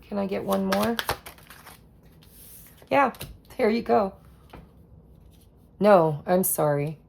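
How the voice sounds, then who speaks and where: A woman doing a casual tarot reading, slow and relaxed, with soft laughs and trailing pauses. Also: medium pitch, creaky, noisy background. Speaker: tarot reader.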